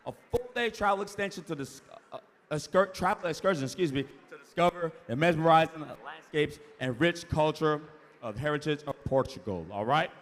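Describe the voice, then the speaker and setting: A man emceeing a charity auction, rapidly repeating bids and hyping the crowd in a large event hall. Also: a little high, animated. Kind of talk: live auction calling. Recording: reverberant hall from a PA.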